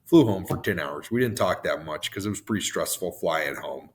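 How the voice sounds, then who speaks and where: A man hosting a motivational podcast, his voice hoarse and worn out, rambling off on tangents and laughing at himself. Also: low voice, lively intonation, normal speed. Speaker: podcast host.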